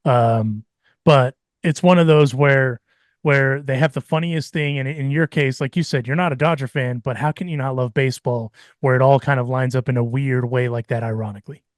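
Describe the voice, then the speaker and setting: A man's voice: mid-range voice, fairly even intonation, normal speed, dry recording, clean studio sound. A man hosting a podcast, talking in a reflective, casual way and slipping into Spanish phrases. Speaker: podcast host.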